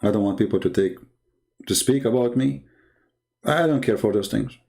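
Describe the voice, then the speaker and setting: Gravelly-voiced man talking earnestly. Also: fairly low pitch, moderate pace, darkish tone. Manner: earnest, emphatic, repeats himself while telling an anecdote. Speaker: Christian debater. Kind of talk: casual personal monologue.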